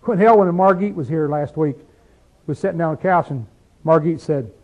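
Guy preaching a bible study, kinda high voice, lots of questions at the crowd, gets loud then real quiet, muffled lo-fi audio. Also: a little fast. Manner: fervent, rhetorical questions, swings from loud to hushed. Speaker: Bible teacher. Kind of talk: sermon-style Bible study.

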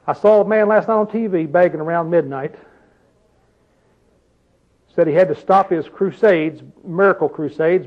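An older male preacher with a high voice gives a loose, conversational sermon, repeatedly putting questions to his listeners. The recording sounds dull and lo-fi.

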